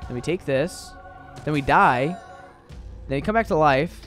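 Young male streamer, loose and chatty with plenty of fillers; voice a bit high, soft music under it. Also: expressive, unhurried. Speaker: game streamer. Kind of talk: casual live-stream chat.

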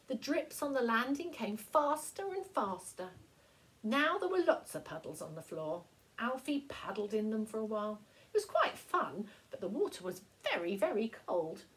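A primary school teacher reads a picture book aloud, telling the story slowly and expressively. She has a fairly high voice, and the audio quality is poor.

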